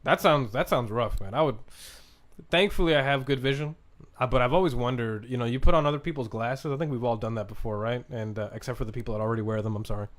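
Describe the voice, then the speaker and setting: A relaxed man hosts a podcast livestream and chats with viewers at an ordinary, middle pitch. He rambles loosely, restarts his sentences often and swears casually as he answers chat questions. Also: fast talker. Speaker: podcast host reading live chat.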